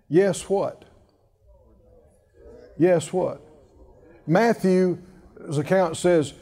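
A man's voice: sits high, drawn-out words, pauses often, mellow. A man preaching a sermon, emphatic and drawing call-and-response from the congregation, with chuckling asides.

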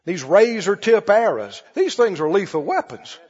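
High-voiced preacher, husky, in a reverberant hall. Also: male voice, sing-song, normal speed, a little mellow. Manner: conversational preaching, asks the congregation questions, acts out scenes. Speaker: pastor. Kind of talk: sermon. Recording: dull lo-fi audio with long hall reverb.

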